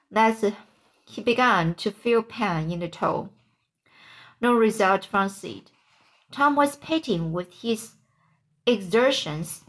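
A woman reads a classic storybook aloud at a slow, careful pace. Her pitch sits in the middle of the range, and she now and then stumbles and restarts a word. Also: a bit bright. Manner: slow, deliberate reading with small slips and restarts. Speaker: audiobook narrator. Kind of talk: storybook reading.

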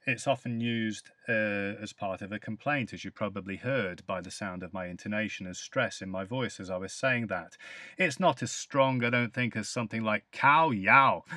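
Man, British accent, podcast English teacher, crisp bright tone, dry close recording. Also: lowish voice, no room sound. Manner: explains phrases with acted example sentences. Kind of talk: podcast language lesson.

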